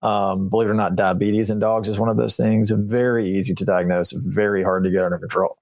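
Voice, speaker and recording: Low-voiced relaxed vet explaining things. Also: male voice, fairly quick, creaky, dry recording. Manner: relaxed, self-deprecating, explains plainly. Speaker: veterinarian guest. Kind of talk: casual explanatory chat.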